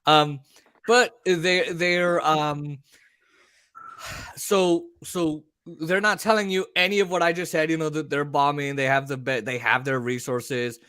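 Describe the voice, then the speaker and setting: A man hosting a talk show, ranting in a rambling, animated way and slipping into mocking voices. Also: fairly high pitch, takes it slowly, clean tone, no echo, clean studio sound. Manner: animated, rambling, mimics voices mid-rant. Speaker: podcast host. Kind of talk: opinionated casual talk show chat.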